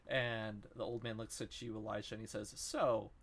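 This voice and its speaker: A man narrating a tabletop role-playing game as game master, in relaxed speech with frequent "um"s. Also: on the low side, brisk.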